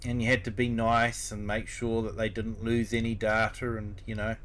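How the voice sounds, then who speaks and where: A man's voice: fairly low pitch, moderate pace. A middle-aged man with a New Zealand accent, chatting casually with viewers on a game stream. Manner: relaxed, chatty, replies to viewers. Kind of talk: casual live-stream chat.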